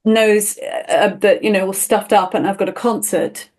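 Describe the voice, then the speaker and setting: A woman voice teacher talks a student through a technique in a one-on-one lesson. Her explanations are enthusiastic and full of small laughs. Her voice sits at an ordinary middle pitch for a woman. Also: steady tone, normal speed, a little mellow.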